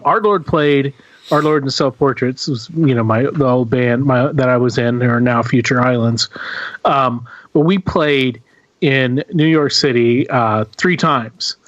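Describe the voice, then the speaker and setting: A man hosting a casual podcast, recalling band days in a relaxed, meandering way. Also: medium pitch, dry recording. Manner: relaxed, meandering recollection with fillers. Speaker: podcast host. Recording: dry lo-fi sound.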